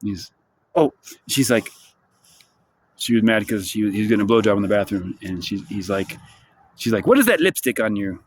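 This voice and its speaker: A man's voice: lowish voice, steady tone, moderate pace, pauses often, slight background noise. A man delivering a rambling, profane, sardonic monologue for his vlog, outdoors in the sunshine. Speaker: vlogger.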